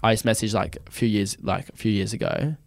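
Fast-talking young man, chatty guest. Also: fairly low pitch, fairly even intonation, vocal fry, a little mellow, no room sound. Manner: fast, chatty storytelling with laughs. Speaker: podcast guest. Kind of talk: casual chat.

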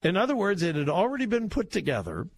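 With a high voice and huge pitch swings, a male radio host mocks and laughs through political commentary, elongating words for emphasis. The clean studio sound from his studio microphone in a radio studio carries no echo.

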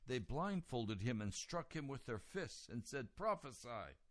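A man preaching a sermon, retelling a scripture story and moving from quiet reading to loud, raised emphasis. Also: medium pitch, big pitch swings, measured pace, no echo.

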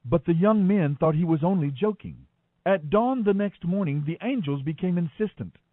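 A man giving an expressive, dramatic scripture reading. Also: sits high, normal speed, no echo. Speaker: Bible reader. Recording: tinny phone-like dry sound.

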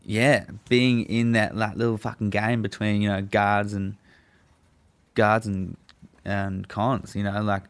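Swearing man, low voice. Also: slow, smooth. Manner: profane, laughs often, animated when recounting. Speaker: guest telling a prison story. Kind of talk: casual chat.

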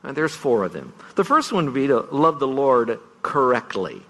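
Earnest pastor preaching in a reverberant hall. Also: male voice, mid-range voice, very animated, normal speed, bright, forceful tone. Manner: earnest, storytelling, stresses words for effect. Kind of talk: farewell sermon. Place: large church sanctuary.

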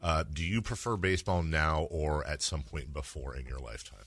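A man in his forties from the Bay Area hosting sports talk radio, joking and quick to laugh as he chats. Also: a bass voice, a bit bright, breathy edge, no room sound. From San Francisco Bay Area. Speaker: radio sports show host.

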